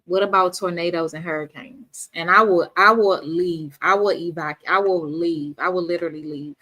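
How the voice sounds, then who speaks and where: A woman's voice: lowish voice, steady tone, moderate pace, pushed and bright. A woman from D.C. hosting a casual livestream, chatting with viewers and reading their comments aloud. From Washington, D.C.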